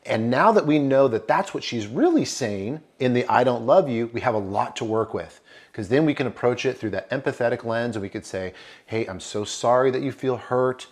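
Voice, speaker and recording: A man with a mid-range voice talks men through relationship trouble in a calm, reassuring way. He explains patiently and addresses his listeners directly. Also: medium pitch, fairly quick. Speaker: relationship coach. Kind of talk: advice talk to men.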